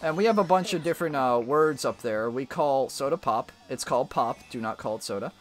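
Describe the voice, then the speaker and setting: An American man streaming a racing game, chatting in a rambling, animated way with frequent restarts. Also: mid-range voice, fairly quick, faint music behind. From United States. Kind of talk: casual gaming chat.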